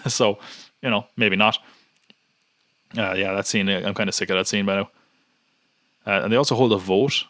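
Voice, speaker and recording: A man's voice: fairly low pitch, fairly even intonation, moderate pace, pauses often, fairly bright tone, dry recording, studio quality. A man hosting a podcast in casual chat, rambling and nitpicking with many restarts. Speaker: podcast host.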